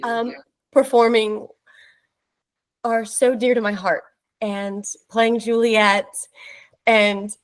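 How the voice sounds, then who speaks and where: A woman's voice: on the high side, flat delivery, slow, pauses often, rough recording. A middle-aged woman, a former actor, speaking on a video call, gushing and close to tears. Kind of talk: casual video-call chat.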